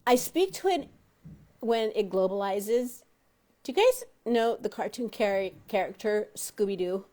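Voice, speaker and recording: Animated woman host, mellow voice. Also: medium pitch, unhurried. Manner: animated, addresses listeners directly with questions; acts out quoted dialogue in varied voices. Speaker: talk show host and self-help coach. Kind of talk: motivational teaching talk to an audience.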